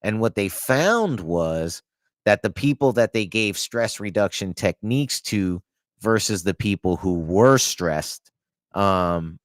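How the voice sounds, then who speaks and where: A man's voice: deep voice, no echo, studio quality. A man hosting a podcast, a Navy veteran who tells wry anecdotes and acts out both sides of old arguments. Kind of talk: casual chat.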